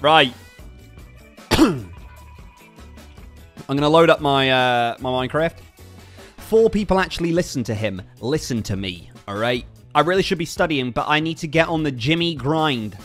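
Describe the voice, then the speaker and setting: A man's voice: a little high, expressive, normal speed, long pauses, fairly bright tone, soft background music. A man livestreaming a game in casual, upbeat chat, reading out viewer names and thanking donors.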